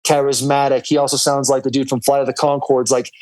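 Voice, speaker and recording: A man's voice: mid-range voice, flat delivery, fast talker, darkish tone. A man co-hosting a podcast over a video call, talking loosely with lots of "like" and "dude". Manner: loose and rambling, full of "like" and "dude". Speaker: podcast co-host calling in from abroad. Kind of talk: casual chat.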